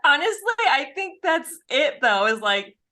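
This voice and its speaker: A woman's voice: high voice, big pitch swings, a little slow, sharp tone. Chatty woman podcast co-host. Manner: chatty, self-deprecating, laughs often. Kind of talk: casual chat.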